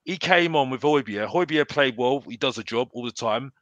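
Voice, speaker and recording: Man, casual fan chat, halting restarts, bright voice, dry close sound. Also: mid-range voice, animated, no room sound, muffled recording. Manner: rambling, repeats himself, halting restarts. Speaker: fan panelist.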